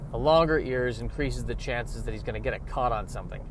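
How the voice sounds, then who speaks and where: A man rambling casually in a deadpan way, with lots of hesitant fillers. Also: medium pitch, brisk, background noise. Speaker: vlogger.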